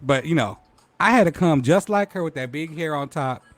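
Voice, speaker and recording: A man's voice: a little high, expressive, normal speed, no room sound. A man hosting a live-stream talk show, playful and joking, greeting viewers by name between laughs. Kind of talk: casual live-stream chat.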